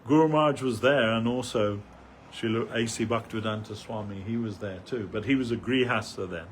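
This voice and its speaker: A man's voice: fairly low pitch, brisk, slight background noise. An older man giving a rambling, anecdotal remembrance talk as a devotee speaker at a temple festival, with many fillers, restarts and chuckles.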